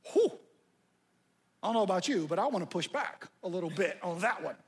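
Casual middle-aged guy preaching, super animated, drops to a hush a lot. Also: high voice, fairly quick, slightly rough. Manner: conversational, dramatic, swinging from loud to near-whisper. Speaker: pastor. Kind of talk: sermon.

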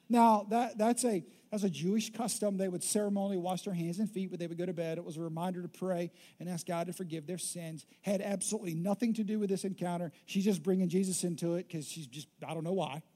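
Chatty preacher, jokes a lot, mellow warm voice, middle pitch. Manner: joking, conversational, animated. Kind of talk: sermon.

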